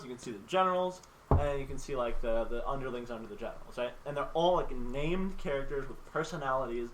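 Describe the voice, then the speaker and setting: A man's voice: mid-range voice, a bit bright, a little hiss or hum, rough recording. A man hosting a casual podcast, telling a game story in a rambling way with lots of fillers. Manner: rambling, filler-heavy storytelling, acts out orc lines. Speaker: podcast host. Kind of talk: casual chat. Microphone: home mic on a live stream call.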